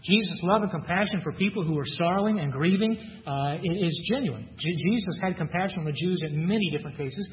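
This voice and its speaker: A man with a high voice delivers an earnest sermon, reading verses aloud and then unpacking them. The sound is muffled, with long reverb from a large church hall. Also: animated, a little fast, hardly any pauses, slight background noise. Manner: earnest, reads scripture aloud then explains it. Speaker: preacher. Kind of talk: expository sermon.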